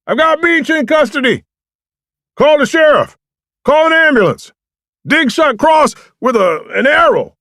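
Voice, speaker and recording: A man's voice: extremely high pitch, animated, unhurried, bright, forceful tone, no room sound, studio quality, voice pushed up, exaggerated voice. A man voicing a male state police detective calling out urgently from a distance.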